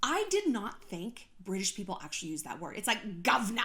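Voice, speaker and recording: A woman's voice: mid-range voice, sing-song, brisk, hardly any pauses, pushed and bright. A woman from California hosting a casual gossip commentary vlog, chatty and sarcastic, laughing often and swearing freely. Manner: frequent swearing. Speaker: YouTube host.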